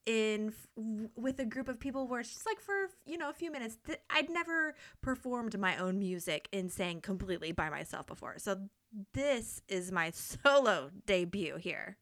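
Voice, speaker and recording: A young woman hosts a podcast and tells a story in a relaxed, lively manner, laughing a lot and cursing without restraint. Her pitch sits in the middle and her pace is moderate.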